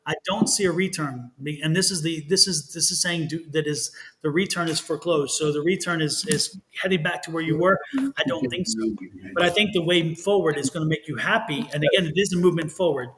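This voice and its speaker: A man giving chatty, animated tarot readings on a live stream, laughing often and drawing out words for emphasis. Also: fairly high pitch, a little fast, slight background noise, rough recording. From Texas. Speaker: tarot and psychic reader.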